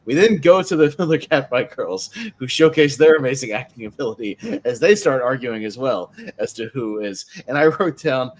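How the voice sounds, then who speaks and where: A man's voice: mid-range voice, moderate pace, few pauses. A man hosting a casual wrestling podcast, telling stories with frequent laughter. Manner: laughs often, animated storytelling. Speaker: podcast host. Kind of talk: casual chat.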